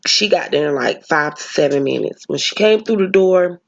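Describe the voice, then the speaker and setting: A woman's voice: low voice, highs cut off. Earnest woman telling a personal story. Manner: earnest, emotional, speaks straight to viewers. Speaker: vlogger.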